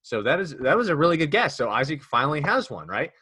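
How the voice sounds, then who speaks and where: A man's voice: on the high side, very animated, quick pace, pushed and bright, husky, no room sound, clean studio sound. A man hosting a casual podcast chat, joking and rambling with many restarts. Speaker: podcast host.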